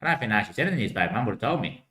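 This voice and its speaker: A man's voice: lowish voice, big pitch swings, racing, fairly bright tone, echoey room. A man rambling to himself, answering his own remarks and swearing freely.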